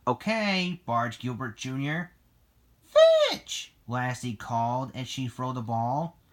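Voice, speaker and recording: A reader narrating a children's storybook in a slow, deliberate way. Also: mid-range voice, fairly even intonation.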